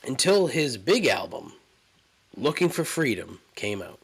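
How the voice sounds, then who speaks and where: Animated, rambling podcast host man. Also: mid-range voice, a little slow, vocal fry, slightly rough. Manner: rambling, profane, incredulous storytelling. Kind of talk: casual solo monologue.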